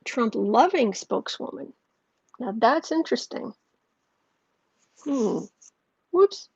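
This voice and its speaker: A woman's voice: on the high side, normal speed, slightly rough, no room sound, highs cut off. A woman hosting a livestream from home on an earpiece microphone, chatting loosely and reading comments from her chat. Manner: rambling and warm, with frequent fillers and asides. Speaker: astrology and tarot livestream host.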